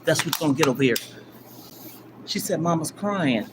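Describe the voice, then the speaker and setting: An older woman hosting a live stream, telling a personal story in a rambling, emphatic way, from loud bursts down to near-whispers. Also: low-pitched, animated, moderate pace. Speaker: livestream host. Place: gym. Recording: livestream with clear background noise.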